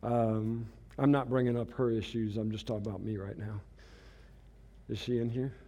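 A man's voice: medium pitch, steady tone, moderate pace, dark tone. A man giving a storytelling sermon as a pastor, chatty and self-mocking, laughing at himself.

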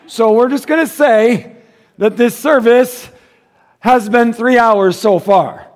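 High-voiced joking pastor preaching. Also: male voice. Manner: animated and joking, then dropping to a hushed earnest tone. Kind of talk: sermon.

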